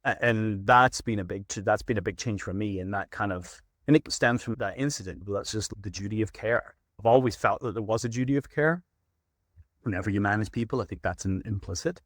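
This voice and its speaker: A man's voice: lowish voice, a little fast, no echo, clean studio sound. A middle-aged veterinary practice manager, a man, telling stories in a casual interview and acting out his own stern warnings to clients.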